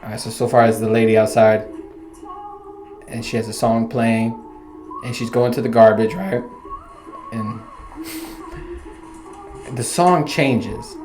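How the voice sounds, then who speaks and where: A man's voice: medium pitch, fairly even intonation, slow pace, long pauses, faint music behind. A young man hosting a casual solo talk, joking and swearing as he retells a horror movie scene. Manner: joking, profane, acts out loud imagined lines to a ghost boy. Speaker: podcast host.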